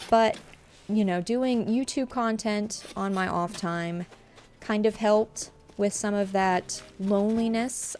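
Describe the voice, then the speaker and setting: A young woman chats on a live stream while fighting back tears. She talks haltingly and apologizes often, filling her pauses with ums. Her pitch sits in a middle range, and faint music plays underneath. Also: darkish tone. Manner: halting and emotional, frequent fillers and apologies. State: tearful. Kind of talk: casual live-stream chat.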